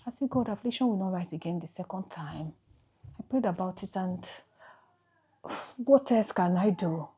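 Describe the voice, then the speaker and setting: A Nigerian woman vlogger telling an emotional personal story to camera, halting and repeating herself as she goes. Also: fairly low pitch, expressive, mellow, slightly rough.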